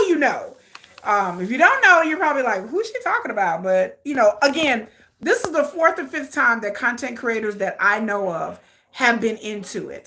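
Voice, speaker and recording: A sassy woman talks through a live watch-along from her home setup, laughing often and full of attitude. Her voice sits a little high and rings bright and sharp. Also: creaky. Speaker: content creator hosting a live watch-along. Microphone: desk setup with ring light.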